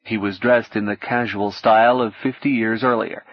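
A man with a lowish voice reads an audiobook in steady, measured, scripted narration. The audio is dull, with no room sound.

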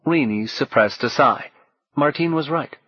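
A man reading a novel aloud in a soft, measured, low-key manner. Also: breathy edge, dry recording, highs cut off. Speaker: audiobook narrator. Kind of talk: scripted narration.

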